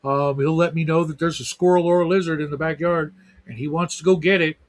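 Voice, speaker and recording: A man's voice: on the high side, fairly even intonation, fairly quick. A middle-aged man hosting a livestream talk show in casual chat, rambling with lots of fillers. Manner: rambling, heavy use of fillers.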